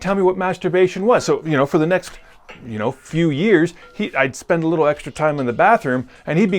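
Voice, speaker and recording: A man giving a casual video grammar lesson. He is relaxed and rambling, and jokes with crude humor. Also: a little high, fast talker. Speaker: grammar teacher.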